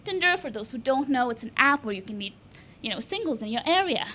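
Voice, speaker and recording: Young woman comic from Lithuania, high voice, deadpan self-mockery, chuckling through her live club set. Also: quick pace, slight background noise. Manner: deadpan self-mocking delivery, laughing at her own jokes. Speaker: stand-up comedian. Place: comedy club stage.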